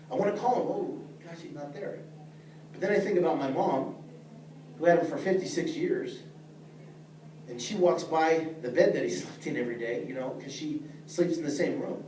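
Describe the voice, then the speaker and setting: A man's voice: a little high, expressive, a little fast, a little mellow. A middle-aged man teaching a leadership class, earnest and plain-spoken, talking straight to the people in front of him. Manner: earnest, plain-spoken, addresses listeners directly. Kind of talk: speaking to a class. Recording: echoey room, mic far off, faint noise.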